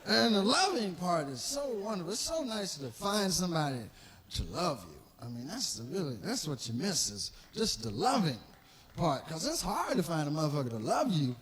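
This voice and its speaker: With a crowd audible behind him, this fortysomething comic speaks at normal speed in a fairly high voice with big pitch swings. His live stand-up set strings together loose, profane stories in which he acts out each character.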